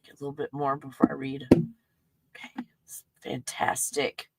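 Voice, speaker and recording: A woman in her forties hosting a casual solo livestream, rambling excitedly and swinging between hushed asides and loud outbursts. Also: a bass voice, unhurried, gravelly, heavy background noise. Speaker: livestream host.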